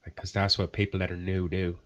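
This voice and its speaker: A man's voice: low-pitched, level tone, fast, dull audio. A man on a livestream panel talking crudely and at length, acting out people he mocks. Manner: crude, rambling, acts out people in mocking voices. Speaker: panel member on a livestream chat show. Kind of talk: casual chat.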